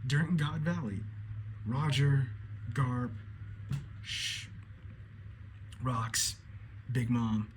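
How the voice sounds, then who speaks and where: A man giving an excitable, casual recap of a comic chapter, acting out the characters' lines and swearing freely. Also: medium pitch, drawn-out words, pauses often, slight background noise. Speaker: anime commentator.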